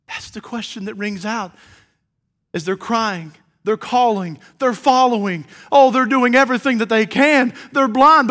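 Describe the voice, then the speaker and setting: A man preaching a sermon, swinging between loud, ringing cries and hushed, quiet questions. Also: very high voice.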